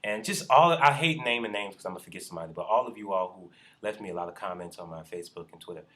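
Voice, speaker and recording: A man vlogging in casual chat, gushing excitedly about a show he went to. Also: low-pitched, racing.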